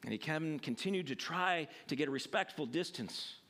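Bright-voiced casual preacher, high-pitched man. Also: lively intonation, normal speed. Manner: casual, conversational preaching with many fillers. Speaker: pastor. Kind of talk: sermon with Bible reading.

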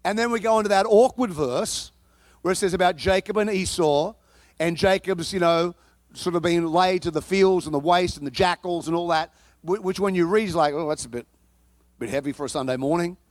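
A man with a notably high voice delivers a sermon in a lively, conversational manner, tossing in playful asides. The sound is close and dry, with no room echo. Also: moderate pace. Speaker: preacher.

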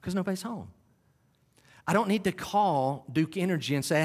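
A man preaching a sermon, animated, swinging between quiet asides and loud climaxes. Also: sits high, moderate pace, long reverb tail. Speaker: pastor.

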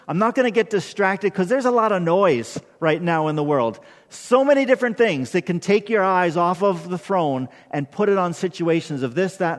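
High-voiced pastor preaching in reverberant church. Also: male voice. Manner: earnest, conversational preaching with frequent "right?". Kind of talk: sermon and closing prayer. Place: church sanctuary. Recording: long hall reverb.

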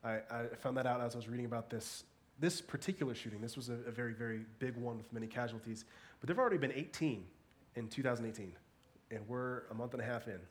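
A man's voice: mid-range voice, fast. Congested man preaching a sermon. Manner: earnest, hesitant restarts, softening into a hushed prayer. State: congested from a cold. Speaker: pastor. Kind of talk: sermon and spoken prayer. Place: church service.

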